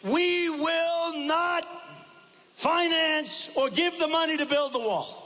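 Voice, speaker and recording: A man doing a mocking, exaggerated impression of a furious male former president shouting defiance at a rally. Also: very high voice, slow pace, voice pushed up, heavily acted. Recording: rally hall reverb with crowd ambience.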